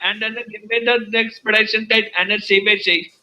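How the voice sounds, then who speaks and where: A man's voice: high voice, fairly even intonation, a little fast, bright, forceful tone, poor audio. A man voicing a pushy male phone scammer who asks for card details in broken English. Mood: demanding.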